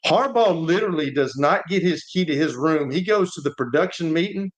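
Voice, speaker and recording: An expressive, fairly high-pitched man, once a quarterback and now a sports radio co-host, storytells a little fast. His casual sports talk rambles, with frequent repeats and restarts.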